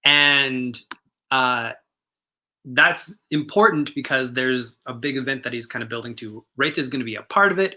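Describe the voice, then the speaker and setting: Co-hosting a comic shop stream, an enthusiastic man talks up new releases in cheerful, rambling chat stuffed with fillers and restarts. His medium-pitched voice is very bright and tense, animated, at a moderate pace.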